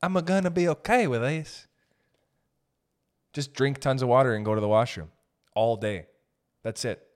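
A young man telling comic stories in a loose, profane rant, riffing with quick asides. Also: medium pitch. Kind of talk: comedic storytelling rant.

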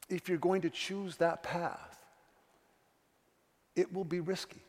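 A middle-aged pastor preaching a sermon, earnest and confessional, telling stories with voiced quotes. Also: male voice, fairly high pitch, breathy edge. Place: church sanctuary. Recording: long church reverb.

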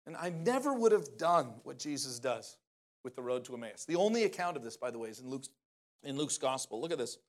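A man preaching a conversational sermon in a lively way, often asking the audience questions. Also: medium pitch, brisk.

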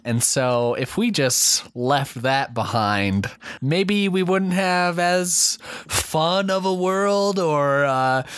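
A man's voice: a little high, fairly bright tone, clean tone, no room sound, clean studio sound. A male podcast co-host rambling through laid-back comic musings. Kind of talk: comedic podcast banter.

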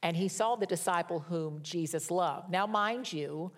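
Older female pastor, lower register, homespun storyteller with a wry streak. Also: measured pace. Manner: conversational, folksy storytelling with wry humor. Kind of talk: sermon.

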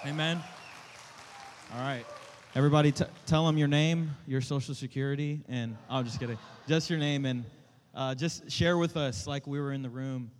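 A man, a youth pastor talking casually to his church, joking and rambling, and sometimes rallying the room to shout back. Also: on the high side, slight background noise. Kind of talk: casual church talk to a congregation. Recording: reverberant church hall.

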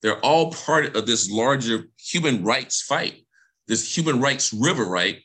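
A man's voice: mid-range voice, animated, a little slow, fairly bright tone. A man speaking as a guest presenter, delivering a passionate talk with emphatic, repeated phrases and frequent check-ins like "right?".

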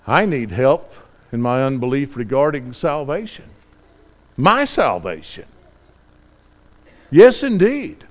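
A middle-aged man preaching a sermon, reading scripture quietly and then building to fervent, pleading questions. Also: mid-range voice, very animated, measured pace.

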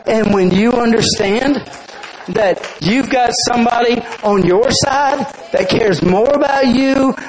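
A man's voice: very high voice, takes it slowly, a faint crowd, low-quality recording. A man preaching a sermon as a pastor, emphatic and storytelling.

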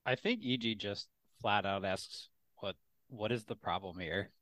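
A man playing a tabletop role-playing game casually describes what his character does. His voice is lowish, a little slow, and a bit bright. There is no room sound in the recording.

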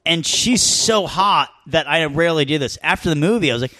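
A man's voice: a little high, expressive, a little fast, few pauses, sharp tone. A man in casual podcast chat, telling stories animatedly, swearing freely and acting out the scenes.

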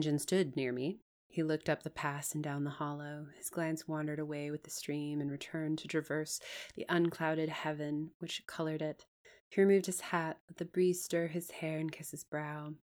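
A woman giving an expressive reading of a classic novel aloud, with emphatic pauses. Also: deep voice.

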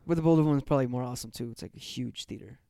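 A man's voice: mid-range voice, racing, creaky, mellow, no echo, clean studio sound. A young man co-hosting a podcast in laid-back casual chat, swearing freely. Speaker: podcast co-host.

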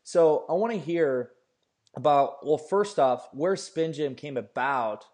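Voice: medium pitch, lively intonation, slow, a little mellow. A podcast host asking a guest about her experiences in a friendly, casual way and laughing along with her. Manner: friendly, laughs along, trails off in hesitant restarts. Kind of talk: casual interview chat.

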